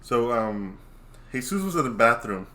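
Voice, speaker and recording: Young male co-host, relaxed chat, giggly storyteller. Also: medium pitch, moderate pace. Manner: giggly, breaks up laughing mid-story. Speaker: podcast co-host. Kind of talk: casual chat.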